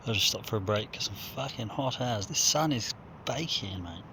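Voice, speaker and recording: A hunting vlogger with a New Zealand accent climbs a mountainside outdoors, rambling to his phone camera while out of breath, dehydrated, frustrated, and swearing frequently. His lowish voice is a little fast, creaky, pushed, and bright, and the rough recording carries a little hiss or hum.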